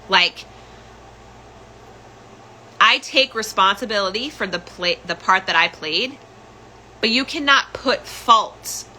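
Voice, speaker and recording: A woman's voice: mid-range voice, takes it slowly, pauses often, sharp tone, slight background noise, poor audio. A young adult woman hosting a podcast, telling a personal story in an emotional, candid way and repeating phrases for emphasis. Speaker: podcast host.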